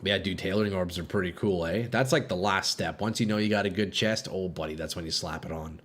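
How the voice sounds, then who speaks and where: A man's voice: low-pitched, fairly quick, fairly bright tone. A young man streaming a game live, chatting to his viewers, swearing and laughing often. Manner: swears a lot, laughs and rambles to chat. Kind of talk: live gameplay chat with viewers.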